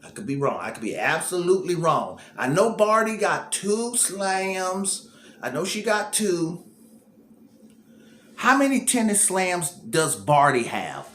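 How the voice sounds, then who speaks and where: A man's voice: high voice, very animated, unhurried, fairly bright tone, echoey room, slight background noise. A man hosting casual tennis commentary, thinking aloud and repeating himself as he goes.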